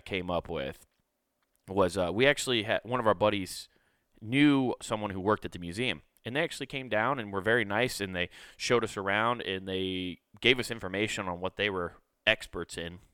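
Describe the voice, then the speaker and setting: A man's voice: fairly low pitch, fairly bright tone, clean tone, no room sound, studio quality. A man telling a crude, laid-back comic story in casual podcast talk.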